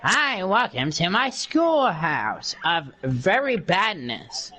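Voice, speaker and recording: A man voicing a creepy, cartoonish male schoolteacher from a game, in a low, slow, menacing drawl. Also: sing-song, sharp tone, full character voice.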